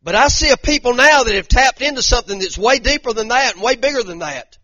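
A man's voice: very high-pitched, expressive, fast talker, sharp tone, no echo, dull audio. A pastor preaching a fervent sermon, repeating his points and using casual slang. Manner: fervent, repetitive preaching with Southern-style slang.

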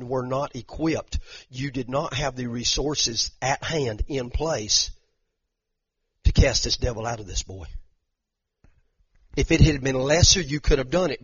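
Male preacher, dramatic storyteller, dry husky tone. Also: medium pitch, no room sound. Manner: animated, dramatic retelling, frequent repeated "and"s, southern "y'all". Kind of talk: sermon. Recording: dull lo-fi sound.

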